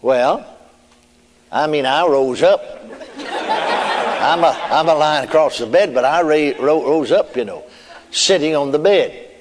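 A man's voice: a little high, takes it slowly, pauses often, a little hiss or hum. A man preacher telling a testimony in a folksy storytelling manner, chuckling and adding amen. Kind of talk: sermon testimony. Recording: long hall reverb.

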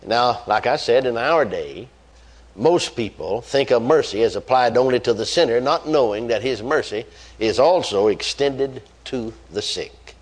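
A man's voice: medium pitch, lively intonation, a little slow. A man preaching a sermon, reading scripture aloud and driving points home with repeated phrases and fervent exclamations. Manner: reads scripture aloud then stresses points with rising emphasis.

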